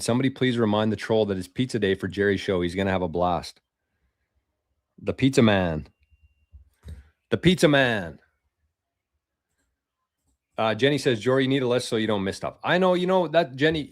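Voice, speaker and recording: A man hosting a casual livestream, reading viewer comments aloud in a loose, swearing, chatty way with quick laughs. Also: on the low side, animated, no room sound, clean studio sound. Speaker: livestream host.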